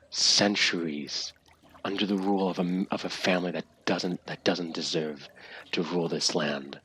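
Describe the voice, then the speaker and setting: A man voicing a vengeful male cult leader in a tabletop game, moving between shouted rage and soft, soothing persuasion. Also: deep voice, husky, voice pushed down, exaggerated voice.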